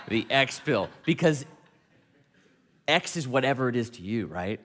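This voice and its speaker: A man giving a storytelling talk, animated and laughing, quoting people in dialogue. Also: medium pitch, takes it slowly, big-room sound. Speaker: speaker.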